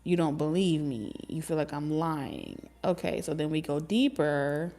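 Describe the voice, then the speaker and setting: A woman with a somewhat low voice gives a casual tarot reading. She talks in a lively, teasing way, laughs often and swears freely. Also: measured pace. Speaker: tarot reader.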